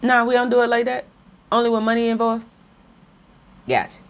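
A woman's voice: on the high side, monotone, quick pace. A woman delivering an impassioned political rant to camera, blunt and profane, repeating slogans and breaking into nervous laughs. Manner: repeats slogans and rises to near-shouting when heated. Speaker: video commentator.

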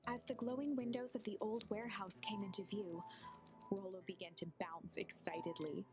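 A woman giving calm, scripted storybook narration for a game, heard quietly from a distance. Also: medium pitch, normal speed, close to an everyday voice. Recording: quiet and distant, under music.

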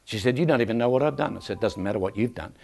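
A man's voice: on the low side, expressive, very fast, vocal fry, darkish tone. A man preaching a sermon in a church, telling stories and asking the crowd for an amen. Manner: storytelling with rhetorical questions and calls for amen.

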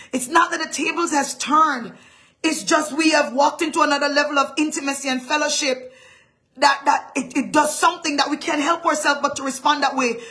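A woman's voice: high-pitched, fairly bright tone. A middle-aged woman pastor delivering a live-streamed sermon in an emphatic, dramatic manner.

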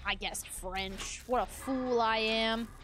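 A young woman streams live and chats with her viewers in a relaxed, rambling way. Her voice sits slightly high. She laughs often and drops casual mild swears as she talks. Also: takes it slowly, slight background noise. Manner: giggly, chatty, mild swearing. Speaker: livestreamer.

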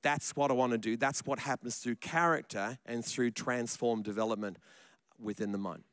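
A man's voice: medium pitch, fairly even intonation, moderate pace, fairly bright tone, no echo. A man preaching a sermon in church, chatty and joking, often repeating his words. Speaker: pastor.

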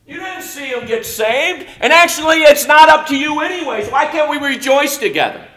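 A middle-aged male pastor preaching a sermon in a college chapel, animated, swinging between loud and soft with mocking asides. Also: extremely high pitch, moderate pace.

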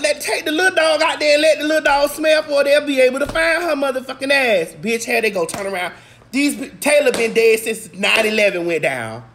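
A woman in a casual, profane vlog rant recapping a movie, swinging between shouts, laughs and low mutters, a little congested. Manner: talks straight to viewers. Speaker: vlog host.

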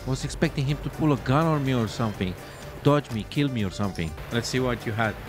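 A man's voice: mid-range voice, animated, fast, music in the background. A man sarcastically commentating a game as he plays, exasperated and swearing freely. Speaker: gameplay commentator. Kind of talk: let's play commentary.

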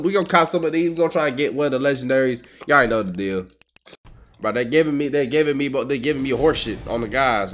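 A young man giving casual gameplay commentary as a streamer, full of profane trash talk aimed at his opponents and quick bursts of excitement. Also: medium pitch. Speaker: gaming streamer.

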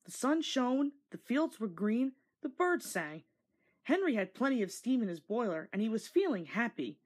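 A woman narrating a storybook read-along, gentle and expressive with a breathy voice. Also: fairly high pitch, normal speed.

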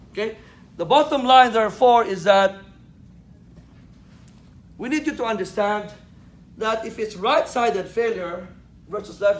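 A man lecturing a class, quizzing students with questions and joking as he teaches. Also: high voice. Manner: joking, laughs at his own jokes. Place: lecture room. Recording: echoey classroom with faint noise.

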